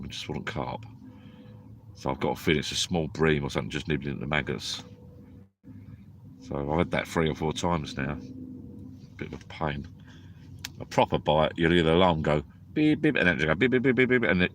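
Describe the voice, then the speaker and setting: A fishing vlogger, tired and drowsy, rambles through a casual live stream from inside a small tent at a lake at night. His voice rumbles low with a bit of brightness, and there is slight background noise.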